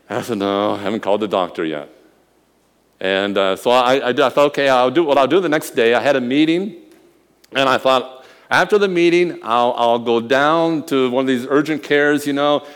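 A man preaching a sermon, telling a personal story with quiet murmurs and loud emphatic bursts. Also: medium pitch, smooth. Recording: long hall reverb.

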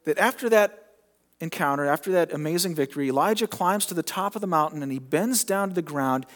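A middle-aged male pastor preaching a sermon, retelling a story in a conversational way with dramatic pauses. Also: on the high side, fairly bright tone.

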